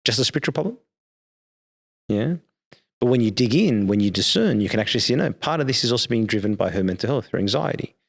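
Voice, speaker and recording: A man's voice: medium pitch, expressive, fast talker, vocal fry. A man, a priest, explaining things earnestly in a podcast discussion and checking in with "right?". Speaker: priest guest.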